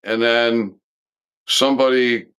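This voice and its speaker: A man hosting a live stream, talking in a rambling, halting monologue full of pauses and restarts, blunt and occasionally swearing. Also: mid-range voice, steady tone, a bit bright, clear, resonant tone.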